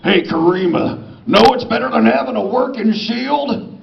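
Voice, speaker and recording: A man's voice: extremely high pitch, animated, measured pace, vocal fry, pitched above the performer's own voice, heavily acted. A man doing a sneering misogynist soldier. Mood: taunting. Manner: taunting, sneering. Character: crude misogynist male soldier on comms. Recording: echoey hall, muffled, loud crowd.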